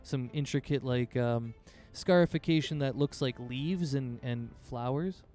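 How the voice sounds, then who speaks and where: A man's voice: medium pitch, unhurried, dark tone, soft background music. A man narrating a tabletop game as game master in a loose, rambling way with many fillers.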